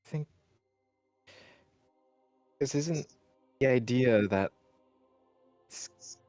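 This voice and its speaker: A man's voice: medium pitch, very slow, darkish tone, no room sound, soft background music. A man in a tabletop role-playing game, speaking in character in a hesitant way, often stammering and trailing off.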